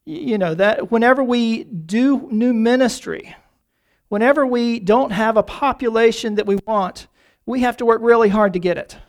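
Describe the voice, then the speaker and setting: A man preaching a sermon, often calling the congregation folks and repeating key phrases, slowing down to stress them. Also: sits high, gravelly. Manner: slows down on key phrases for emphasis.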